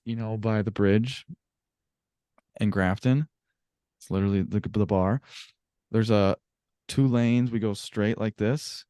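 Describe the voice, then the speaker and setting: A man co-hosting a casual sports podcast, animated and swearing freely as he tells stories. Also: on the low side, smooth, dry recording, studio quality. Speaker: podcast co-host.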